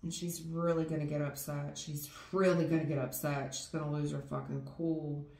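A woman giving a casual tarot reading in a blunt, profane, animated way, acting out people's feelings as she goes. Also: low voice, moderate pace, creaky, reverberant. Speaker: tarot reader.

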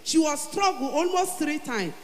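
A Nigerian woman giving an emotional church testimony, growing fervent and loud as she declares her prayers. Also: sits high, expressive, moderate pace. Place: large church hall. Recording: echoey church hall, faint hum.

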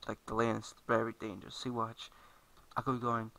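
A man's voice: medium pitch, completely flat delivery, fairly quick, vocal fry, pushed and bright, rough recording. A man giving casual let's-play commentary, rambling and correcting himself as he plays at a computer. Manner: rambling, self-correcting, talks while playing. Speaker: gameplay commentator.

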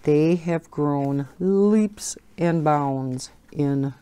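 A woman's voice: sits low, very slow, mellow, clean tone. A woman hosting a coloring channel, chatting casually and rambling, often breaking into laughter. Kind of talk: casual chat while coloring.

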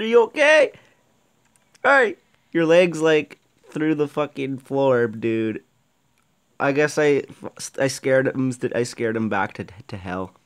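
A young man giving let's-play commentary on a horror game, jumpy, swearing a lot and shouting when startled. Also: medium pitch, smooth. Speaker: gaming YouTuber.

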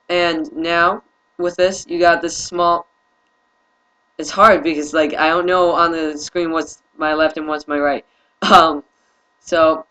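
A man's voice: a little high, bright, forceful tone, rough recording. A young man giving a casual how-to tutorial, tired and hesitant, often apologizing and filling gaps with "um". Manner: hesitant, apologetic, many fillers. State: tired, yawning. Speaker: video host.

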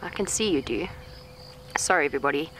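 Calm woman coaxing an elephant outdoors. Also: low voice, quick pace, rough recording. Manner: calm, coaxing, talks gently to the animal. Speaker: safari guide. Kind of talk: live commentary to viewers while coaxing an elephant. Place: outdoors in a safari vehicle in the bush. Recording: faint outdoor bush noise, insects.

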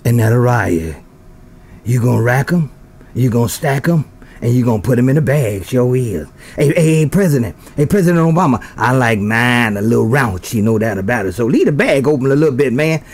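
A man's voice: medium pitch, expressive, a little fast, darkish tone. A man chatting over a CB radio, calling out in a sing-song, rhyming patter with catchphrase sign-offs. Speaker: CB radio operator.

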